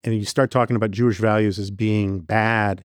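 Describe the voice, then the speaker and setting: A man's voice: on the low side, steady tone, normal speed, dry recording, clean studio sound. A man as a podcast guest giving earnest commentary in long run-on sentences. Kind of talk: conversational commentary.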